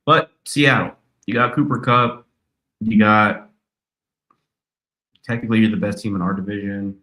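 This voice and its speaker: A man co-hosting a casual sports chat, slangy and animated, often mimicking people in a higher voice. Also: moderate pace. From California. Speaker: podcast co-host.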